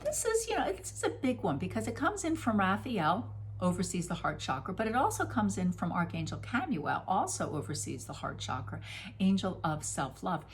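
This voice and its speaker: A woman's voice: medium pitch, huge pitch swings, normal speed, a little hiss or hum. A middle-aged woman giving a casual, effusive spoken oracle card reading, playful and given to sudden exclamations. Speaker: spiritual reader.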